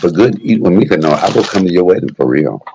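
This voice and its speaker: A man's voice: low-pitched, expressive, quick pace, noisy background. A man hosting a casual livestream, chatting with viewers in a brash, joking way and cursing freely. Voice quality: gravelly and husky. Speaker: livestream host.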